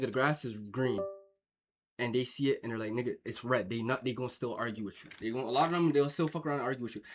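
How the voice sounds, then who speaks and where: A young man from Jamaica giving casual, slang-heavy reaction commentary, swearing and rambling with lots of filler. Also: on the high side. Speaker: streamer reacting to a clip.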